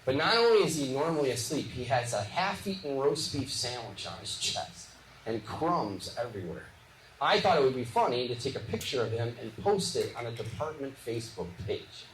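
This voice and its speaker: A man doing lively stand-up comedy, telling punchy stories with quick voiced asides on a live stage. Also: mid-range voice. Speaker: stand-up comedian and former police officer. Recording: echoey venue with clear background noise.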